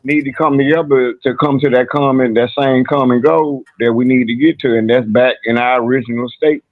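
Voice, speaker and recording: A man's voice: mid-range voice, steady tone, brisk, no echo. A man on a live-stream debate panel, rambling casually with many repeated fillers. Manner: rambling, repeats "you know what I'm saying". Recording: tinny phone-line sound.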